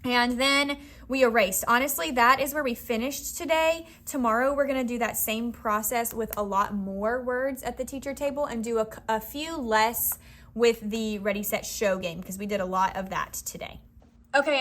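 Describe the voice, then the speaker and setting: A young woman who teaches first grade talks through her reading lesson in a loose, chatty way. Her voice sits a little high for a woman. She slips in and out of a bright classroom teacher voice as she acts out what she told her students. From Florida. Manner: loose and chatty, with many fillers. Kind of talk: casual teaching vlog walkthrough.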